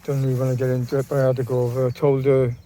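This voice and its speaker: A man's voice: mid-range voice, completely flat delivery, very fast, mellow, a little hiss or hum. A man vlogging in a casual, rambling way, often repeating and restarting his phrases. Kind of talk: casual talk to camera.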